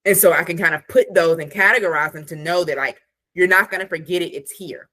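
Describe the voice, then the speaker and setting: A woman guest, an attorney and productivity coach, chatting casually on a podcast with lots of "like" and animated asides. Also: lowish voice, brisk. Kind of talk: casual interview chat.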